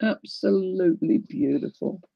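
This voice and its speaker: A woman's voice: mid-range voice, expressive, measured pace, gravelly, dry recording, dull audio. A woman hosting a casual live crafting unboxing, gushing and tearful as she talks to viewers. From New Zealand. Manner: gushing, emotional, exclaiming. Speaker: crafting livestream host.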